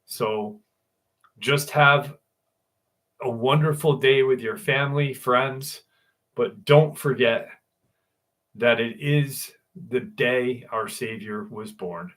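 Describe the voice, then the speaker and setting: A man in his early sixties chats slowly and loosely on a livestream from his home. His voice sits at an ordinary middle pitch. He swears casually and calls out viewers by name. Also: a bit bright. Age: 60s. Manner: casual, profane, greets chat viewers by name. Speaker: livestream host.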